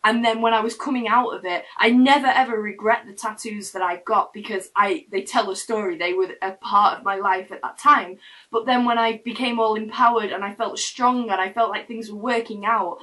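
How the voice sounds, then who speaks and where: A woman's voice: mid-range voice, fairly quick, fairly bright tone, recorded from a distance, rough recording. A young woman telling a personal story to camera in her room, in a chatty, rambling way with frequent restarts. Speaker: vlogger. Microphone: camera mic.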